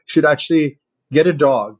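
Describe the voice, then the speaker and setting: A man's voice: a little high, moderate pace. A man from the Czech Republic hosting a podcast, chatting casually and going off on tangents with frequent laughter. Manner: chatty, laughs often, digresses. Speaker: podcast host. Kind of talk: casual conversation.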